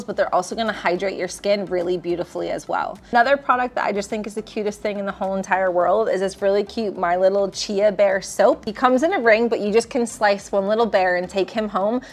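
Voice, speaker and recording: A woman presenting gift products, bubbly and gushing over how cute and delicious everything is. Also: mid-range voice. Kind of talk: enthusiastic product showcase.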